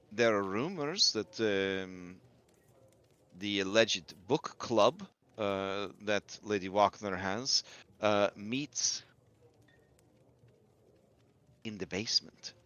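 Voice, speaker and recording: Give me a man playing a wary older woman, slow and grave, with a bright, dry tone. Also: on the low side, animated, muffled recording. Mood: confiding. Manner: grave, deliberate warnings. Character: wary older woman innkeeper, sober and measured.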